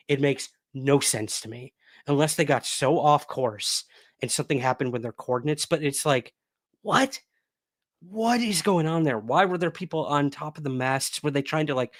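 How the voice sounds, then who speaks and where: A man's voice: medium pitch, no room sound. Chatty male livestream host, dry sound. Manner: chatty, reads viewer comments aloud. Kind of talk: casual livestream chat.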